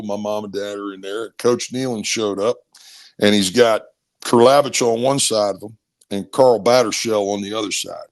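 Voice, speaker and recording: Sixties ex-football guest, gravelly, punchy storyteller. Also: male voice, lowish voice. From Maryland, USA. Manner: lively, punchy anecdotes with repeats. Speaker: former football player, guest. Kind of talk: animated storytelling.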